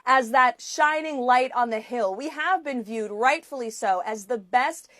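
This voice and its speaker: A woman's voice: fairly high pitch, measured pace, a bit bright, no echo, clean studio sound. A woman giving a prepared press statement with a confident, formal delivery.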